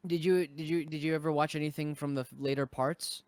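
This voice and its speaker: A man chatting casually on a podcast, retelling stories with lively acted-out quotes. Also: a little high, brisk, dry recording. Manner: animated storyteller, acts out quotes. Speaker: podcast cast member. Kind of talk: casual chat.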